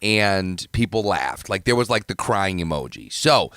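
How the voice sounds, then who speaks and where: Low-voiced man chatting with food in mouth. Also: very animated, a little slow, fairly bright tone, smooth, dry recording, studio quality. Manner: rambling, self-deprecating, talks while eating. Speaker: podcast host. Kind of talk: casual chat.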